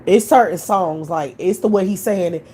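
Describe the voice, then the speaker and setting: A woman's voice: lowish voice, normal speed, dark tone, a little hiss or hum. A woman hosting a live stream, talking in a blunt, profane, opinionated way in casual chat.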